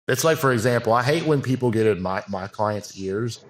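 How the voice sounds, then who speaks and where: A bodybuilding coach appears as a podcast guest in a casual interview, his medium-pitched male voice moving briskly with hardly any pauses. He tells a frank, rambling story packed with fillers and restarts.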